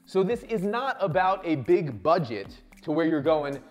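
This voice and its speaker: A high-voiced show host riffs at normal speed through an energetic motivational business talk, loud, hyped, and swearing freely. He pushes hard and keeps checking in with "right?" and "okay?" as if pumping up a crowd, with faint music underneath.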